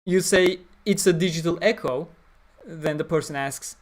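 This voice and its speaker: A man from Turkey chats casually on a livestream, reading and answering chat in a blunt, opinionated way. His voice is a little high at normal speed, and he talks through his ideas with fillers.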